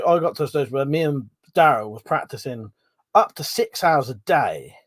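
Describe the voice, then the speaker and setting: A man's voice: fairly high pitch, no echo. A man hosting a casual livestream, rambling, swearing freely, laughing often and greeting viewers by name. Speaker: livestream host. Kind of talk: casual live-stream chat.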